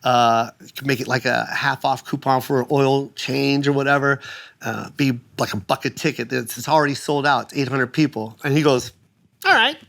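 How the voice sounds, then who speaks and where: A middle-aged man on a casual podcast, telling a story with animated energy and acting out other people's lines in loud, high voices. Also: normal speed, vocal fry. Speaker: guest comedian.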